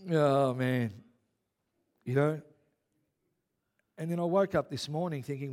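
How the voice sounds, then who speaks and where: A man, a pastor preaching a sermon in a chatty storytelling way that grows loud and worked up. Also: on the high side, slow, pauses often.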